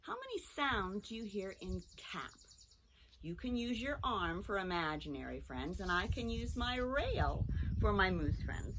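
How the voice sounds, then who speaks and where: A middle-aged woman teaching a children's phonics lesson, talking slowly in a sing-song way and mixing in songs. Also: mid-range voice, background noise. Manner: slow, lively, sing-song teacher talk to young children.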